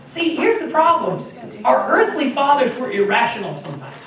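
Male pastor, lively joking sermon delivery, recorded from far off in an echoey hall. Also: very high-pitched, normal speed. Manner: animated, joking storytelling. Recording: echoey room from far off with audience. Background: congregation.

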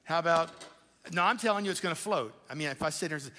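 A male pastor preaching a sermon in a conversational, animated way, with quick asides to the congregation. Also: a little high, a little hiss or hum. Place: church auditorium. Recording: live church hall with long reverb.

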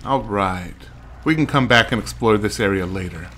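A man's voice: fairly low pitch, normal speed, fairly bright tone, a little hiss or hum. A man giving wry, joking running commentary while playing a video game. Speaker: let's play gamer. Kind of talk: casual gameplay commentary.

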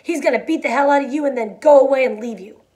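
A giant imaginary rabbit taunts with open scorn, as a woman reads it aloud. The voice sits a little high and mocks every word. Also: fast, warm tone, close to an everyday voice. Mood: scornful.

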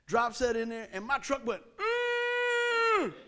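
In a church sanctuary, a middle-aged pastor delivers a storytelling sermon in folksy country talk, animatedly acting it out with sound effects and voices. His voice is very high and fairly quick, and heavy background noise fills the recording.

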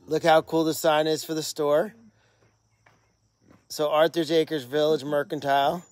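A man with a fairly high voice hosts a casual live stream from an animal sanctuary at night. He talks with eager enthusiasm and rambles through lots of fillers. The sound comes from a handheld phone outdoors. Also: little pitch movement, a little slow.

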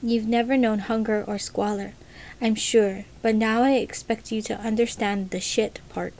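A woman's voice: on the high side, little pitch movement, moderate pace, a little mellow, close to an everyday voice. A woman voicing a defiant, proud young village man who speaks boldly and mockingly in a storybook reading. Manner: bold, mocking.

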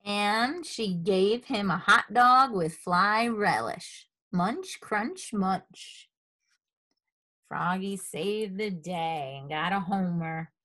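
A woman reading a picture book aloud to children, animated, asking them questions as she goes. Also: mid-range voice, takes it slowly, hardly any pauses. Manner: animated, asks the listeners questions. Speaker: storybook reader.

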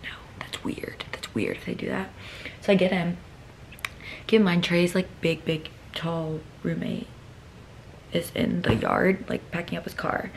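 Gravelly-voiced young woman vlogger. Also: lowish voice, wildly swooping pitch, a little slow, in a whisper. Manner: chatty, rambling, heavy use of "like". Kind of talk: casual storytelling to camera.

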